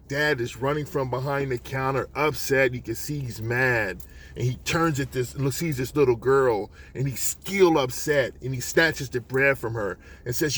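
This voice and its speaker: A man tells a devotional story in an earnest, unhurried monologue, dropping in fillers as he goes. His voice sits at a middling pitch for a man. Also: a bit bright. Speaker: christian storyteller.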